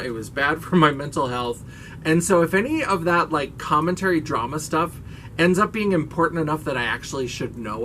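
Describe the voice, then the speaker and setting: Man, casual beauty vlog chat, expressive, forceful bright tone, somewhat high-pitched. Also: slight background noise. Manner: chatty and expressive; casual swearing. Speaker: beauty YouTuber.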